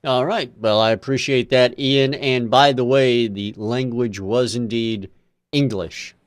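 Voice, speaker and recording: A man's voice: medium pitch, steady tone, unhurried, no room sound. A man hosting a music review panel, handing over to guests with wry, dry teasing. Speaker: show host. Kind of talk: moderating a panel.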